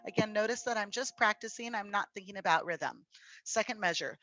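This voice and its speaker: A woman's voice: mid-range voice, highs cut off. A woman teaching a music theory exam-prep lesson, patiently explaining and encouraging students she calls friends. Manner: slow, patient explaining with fillers. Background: faint piano.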